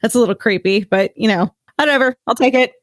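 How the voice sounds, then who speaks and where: A woman's voice: on the high side, fast, no room sound, studio quality. A woman on a casual podcast, stuffed up and tired from a cold, chatting in a joking, self-deprecating way.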